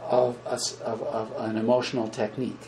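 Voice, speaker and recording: A man giving an informal spiritual lecture to a small group, speaking gently and repeating words, growing animated when he acts out examples. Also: medium pitch, brisk, background noise. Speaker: spiritual teacher.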